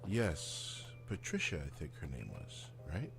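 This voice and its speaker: An actor playing a frank, probing male doctor in a game, with a measured, clinical delivery. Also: low voice, huge pitch swings, vocal fry, fairly bright tone, soft background music, exaggerated voice. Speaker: game character. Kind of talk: studio game voice acting.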